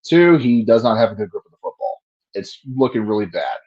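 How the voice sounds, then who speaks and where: A man's voice: on the low side, big pitch swings, brisk, muffled recording. Profane ranting fan commentator, a man. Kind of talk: casual play-by-play commentary.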